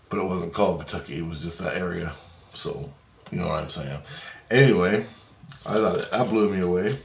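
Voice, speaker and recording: A man telling a rambling story in a monologue, excitable and cursing freely, retelling a conversation line by line. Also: fairly low pitch, echoey room, a little hiss or hum, low-quality recording. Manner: excitable, swears freely, retells dialogue with many "I go, he goes". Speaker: vlogger.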